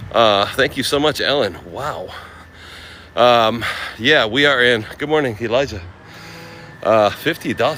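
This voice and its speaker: A man's voice: medium pitch, measured pace, bright, forceful tone. A man casually live-streaming while walking, thinking aloud about travel plans and thanking viewers by name. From United States. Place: outdoors on windy city streets. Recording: outdoor street noise. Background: wind and passing traffic.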